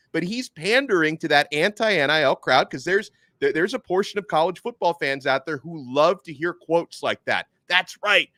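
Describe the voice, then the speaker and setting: A man's voice: medium pitch, bright, forceful tone, no room sound. A man hosting a sports podcast, laying out his analysis in a conversational way. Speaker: podcast host.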